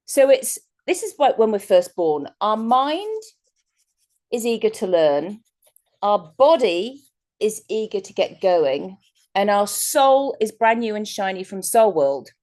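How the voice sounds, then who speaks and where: A woman's voice: mid-range voice, sing-song, slow pace, darkish tone. Woman, guest speaker, online workshop, chatty and rambling, laughs a lot, video call audio.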